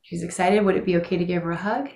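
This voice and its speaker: Calm woman coaching a tapping session. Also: on the low side, racing, reverberant. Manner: calm coaching, gives phrases to repeat. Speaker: EFT practitioner.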